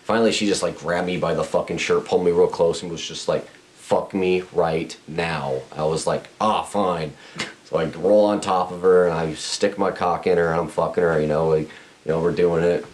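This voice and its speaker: A man's voice: deep voice, steady tone, fairly quick. A young man telling a crude story on a podcast, blunt and profane, rambling with restarts. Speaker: podcast host.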